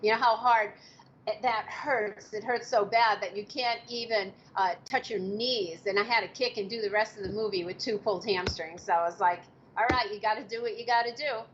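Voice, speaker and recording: A woman in her fifties casually telling behind-the-scenes stories from her film work, acting out quotes with sudden high exclamations. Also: fairly even intonation, moderate pace. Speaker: martial arts actress telling set stories. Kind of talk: casual storytelling interview. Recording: slightly dull audio with faint background noise.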